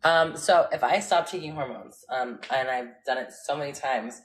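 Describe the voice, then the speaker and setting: A woman's voice: a bass voice, moderate pace. A woman chatting casually on a livestream, answering viewer comments in a candid, rambling way and laughing often, on a phone mic. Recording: echoey room.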